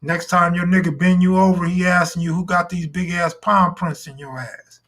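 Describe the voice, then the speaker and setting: A man's voice: high voice, level tone, moderate pace, a bit bright. A man hosting a live stream in casual talk, full of crude, boastful joking banter.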